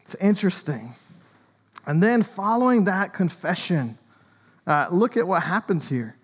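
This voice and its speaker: A man's voice: high voice, sing-song, unhurried, slightly rough, big-room sound. A man, an Anglican priest, preaching a sermon in a conversational way with joking asides. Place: church.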